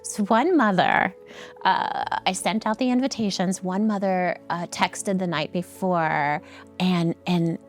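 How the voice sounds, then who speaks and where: A woman with a slightly low voice speaks as an interview guest. She tells her story earnestly, pausing often with ums and restarting her sentences. Soft music plays faintly underneath. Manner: halting, with frequent ums and restarts; earnest, heartfelt. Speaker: nonprofit founder and guest.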